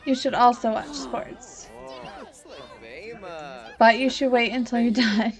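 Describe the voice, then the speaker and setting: A young woman hosts a let's play in a relaxed, unhurried way, her voice sitting a bit high. She talks directly to the characters on screen and grows openly exasperated when they misbehave. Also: soft background music. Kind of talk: casual gameplay commentary.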